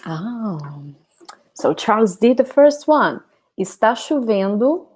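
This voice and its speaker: A woman's voice: mid-range voice, animated, slow, pauses often, darkish tone, slightly rough. A Brazilian woman with an accent teaching a live online language class, patiently explaining and often checking in with "okay?". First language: Portuguese. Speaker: Portuguese teacher.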